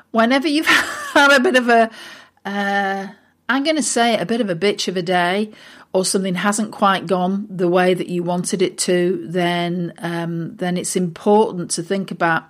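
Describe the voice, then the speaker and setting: A woman's voice: mid-range voice, measured pace. A woman, a business coach for recruitment firms, giving a casual motivational talk in a chatty, informal way with lots of fillers.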